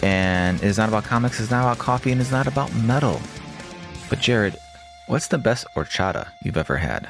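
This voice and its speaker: A man's voice: fairly low pitch, lively intonation, brisk, fairly bright tone, soft background music. A man hosting a podcast, talking in a rambling, chatty way with casual swearing. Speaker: podcast host.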